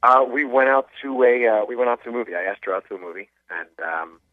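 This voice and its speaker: A man's voice: mid-range voice, lively intonation, quick pace, no room sound. Hesitant man on a tinny phone line. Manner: hesitant, many ums and restarts. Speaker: caller. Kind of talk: phone call into a radio show.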